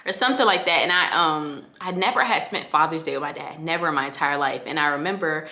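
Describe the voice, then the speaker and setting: Young woman vlogger, lowish bright voice, heartfelt and chatty, echoey room. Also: fast talker. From Connecticut, USA. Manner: casual, heartfelt, filler-heavy, addresses listeners as y'all. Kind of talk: candid personal storytelling.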